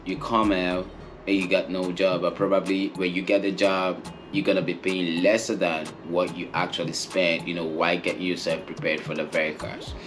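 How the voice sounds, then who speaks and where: A young man from Nigeria with a very low, deep voice talks earnestly, pressing his points and repeating them for emphasis. Faint music plays behind him. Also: flat delivery, normal speed. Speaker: co-host of a couple's channel. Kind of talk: casual interview answer.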